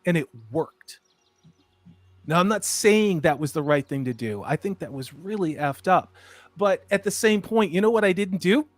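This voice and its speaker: A man in his fifties chatting casually as a stream host, an animated storyteller who swings between loud and soft. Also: high-pitched, moderate pace, dry recording. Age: 50s. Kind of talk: casual chat.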